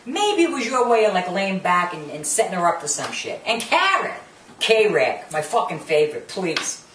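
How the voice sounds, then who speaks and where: A woman with a low, sing-song, fairly bright voice rants at normal speed about a reality show, cursing brashly, using Italian swears and making fun of cast members. She's recorded from a distance in an echoey room, slightly off-mic, with faint ambience and a little hiss or hum.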